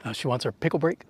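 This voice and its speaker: A man's voice: on the high side, pushed and bright, slight background noise. A young man chatting his way up a mountain trail, narrating a hiking vlog into a handheld camera in a rambling, filler-heavy way. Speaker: hiking vlogger.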